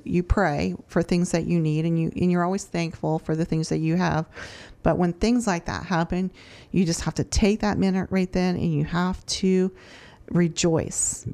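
A woman's voice: fairly low pitch, fairly even intonation, normal speed, warm tone. Earnest woman telling a story. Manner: earnest storyteller, many restarts. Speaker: food charity director. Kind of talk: casual testimony.

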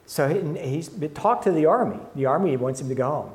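A man teaching a Bible lesson, reading scripture aloud and commenting, often halting and correcting himself. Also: a little high, animated.

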